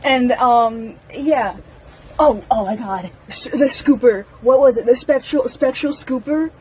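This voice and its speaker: A young woman with a fairly high voice rambles through her first impressions, excitable and full of fillers and little giggles. She talks casually, straight to camera, as a fan vlogger. A faint hiss of noise sits under her voice. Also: unhurried, rough recording.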